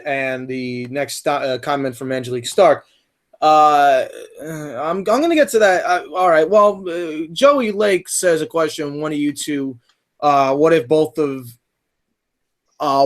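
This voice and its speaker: Young guy hosting a chill podcast, lots of uhs, kinda high pitched. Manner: rambling, many fillers and restarts. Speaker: podcast host. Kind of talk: casual podcast chat.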